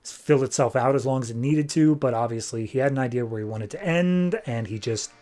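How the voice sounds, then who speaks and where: Guy on a comic podcast, chatty and animated, lots of likes and ums, middle pitch. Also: a little fast. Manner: animated, chatty retelling with filler words. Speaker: podcast host. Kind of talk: casual comic book review.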